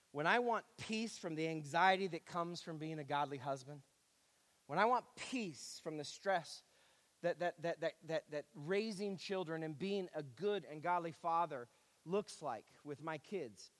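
A man's voice: on the high side, fairly bright tone, long reverb tail. A male pastor preaching a sermon, earnest and repetitive, with a wry, self-deprecating sarcasm.

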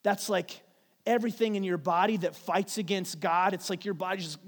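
A man in his thirties preaching a sermon, shifting from hushed, slow reflection to loud, playful calls for the congregation to repeat after him. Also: high-pitched, fairly even intonation. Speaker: pastor. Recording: long hall reverb.

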